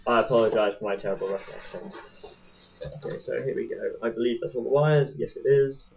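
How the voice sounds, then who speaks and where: A man's voice: mid-range voice, fast, creaky, slight background noise. A young man chatting casually as he unboxes a toy boat, rambling and joking to his webcam. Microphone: webcam mic. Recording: dull lo-fi webcam audio.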